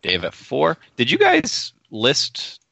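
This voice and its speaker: A man's voice: on the high side, huge pitch swings, slow pace, creaky, pushed and bright, no room sound. A man co-hosting a casual podcast, teasing his friends and reading listener feedback aloud. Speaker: podcast co-host. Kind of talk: casual chat.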